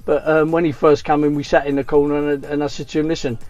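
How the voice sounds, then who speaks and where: A man's voice: a little high, little pitch movement, fast talker, a little mellow. A middle-aged man who tells stories in a blunt, plain-spoken way during a casual chat. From England. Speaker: boxing coach and cab driver, guest. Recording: dull lo-fi sound with faint music.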